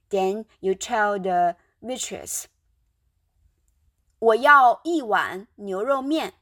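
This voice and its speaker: A woman teaching a beginner Mandarin lesson, breaking sentences into single words and pausing between Chinese and English glosses. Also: on the high side, fairly bright tone, no echo, clean studio sound. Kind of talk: slow, carefully articulated language lesson.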